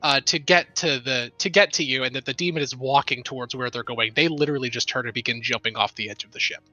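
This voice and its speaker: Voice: medium pitch, fast, bright, forceful tone, no room sound, lo-fi sound, faint music behind. A game master narrating a tabletop game with vivid, profane descriptions and frequent laughs.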